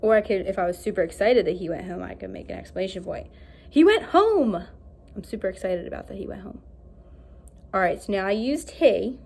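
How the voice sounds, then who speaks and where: Upbeat woman teaching young pupils. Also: mid-range voice. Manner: animated, slow and clear, asks pupils questions. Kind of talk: recorded early-grade lesson.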